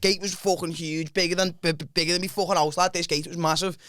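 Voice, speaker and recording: A man's voice: fairly high pitch, quick pace, no echo. A man with a Liverpool accent hosting a podcast, telling a story in a casual, sweary way with lots of quoted dialogue. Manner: swears a lot, tells stories with lively quoted dialogue. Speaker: podcast host.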